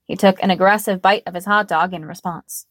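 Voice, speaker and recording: Woman narrating a story, calm even reading, mid-pitched, dry close mic. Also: brisk, dry recording. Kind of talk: storybook narration read aloud.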